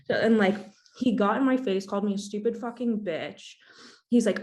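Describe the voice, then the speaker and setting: Young woman telling an animated story. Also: medium pitch, a little fast. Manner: animated storytelling, acts out quoted exchanges. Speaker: podcast co-host. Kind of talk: casual chat.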